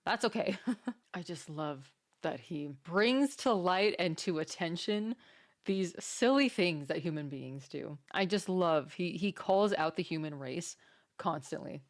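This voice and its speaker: Giggly female reaction host, chatty and amused, slightly low voice. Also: expressive, a little slow. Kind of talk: casual reaction commentary.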